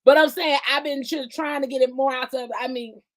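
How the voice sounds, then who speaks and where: A woman hosting her live-streamed podcast in a casual, chatty way, laughing often and swinging from loud bursts down to soft asides. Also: high-pitched, fairly even intonation, fairly quick. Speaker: podcast host.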